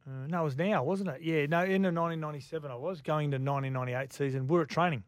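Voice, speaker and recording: A man's voice: a little high, very fast, dry recording. A middle-aged Australian man, a former footballer, co-hosting sports radio with short, dry replies. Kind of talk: casual banter.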